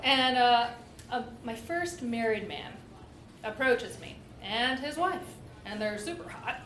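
A woman's voice: fairly high pitch, animated, slow pace, fairly bright tone. A woman telling a candid comedic story in a casual way, giggling and saying "like" a lot. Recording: echoey room with background noise.

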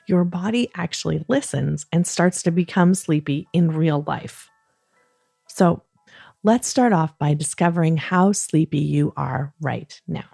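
A woman hosting a children's bedtime podcast, talking in a soft, soothing, gentle way. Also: on the low side, creaky, breathy edge, dry recording, clean studio sound. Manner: soft, slow, soothing, playfully acts out yawns. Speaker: host of a kids bedtime podcast.

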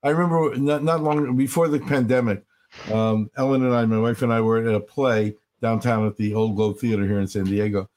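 An older man speaks in an earnest, storytelling way, often slowing down to lean on his key points. His voice sits at a middle pitch for a man, and he talks like a rabbi sharing reflections in a conversation. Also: fairly even intonation, a little mellow. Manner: earnest, storytelling, slows for emphasis. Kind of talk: reflective interview talk.

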